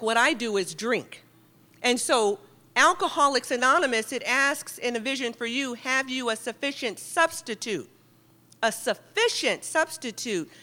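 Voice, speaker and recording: A middle-aged woman giving a lively, joking and heartfelt talk to an audience in a meeting hall. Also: high voice. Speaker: guest speaker at a recovery meeting.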